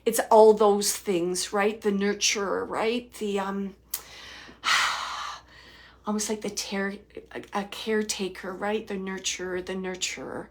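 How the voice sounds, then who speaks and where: A woman hosting a psychic reading, relaying spirit messages in a soft, halting way with frequent restarts and repeated phrases, sometimes dropping to a near whisper. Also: medium pitch, level tone. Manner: drops to near-whispers at times. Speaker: psychic medium host.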